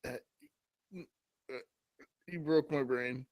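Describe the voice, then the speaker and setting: A man co-hosting a comedy podcast, making slow, joking remarks and crude banter. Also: a little high, creaky, a little mellow. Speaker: podcast co-host. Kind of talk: casual comedic chat.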